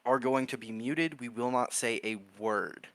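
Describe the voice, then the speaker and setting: A man's voice: mid-range voice, a little slow, a bit bright. A young man hosting a casual esports podcast, explaining a segment and calling time in a bossy way. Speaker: podcast host running segments.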